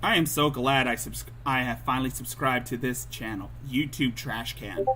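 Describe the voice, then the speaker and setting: A man's voice: medium pitch, normal speed, sharp tone, slight background noise. A man hosting a livestream, reacting to clips with angry, profane ranting. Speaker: livestream host.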